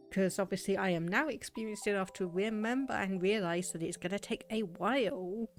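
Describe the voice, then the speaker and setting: A woman's voice: medium pitch, a little fast, hardly any pauses, faint music behind. A young British woman chatting casually with her live viewers while loading a game, laughing often and thinking aloud. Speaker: game streamer. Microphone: desk microphone.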